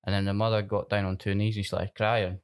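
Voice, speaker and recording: A Scottish man retelling a story in a casual chat, soft-spoken and a little halting. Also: lowish voice, flat delivery, clear, resonant tone.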